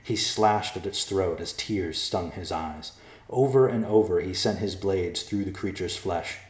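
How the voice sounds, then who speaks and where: Man, storybook narrator, deep voice, measured, echoey room.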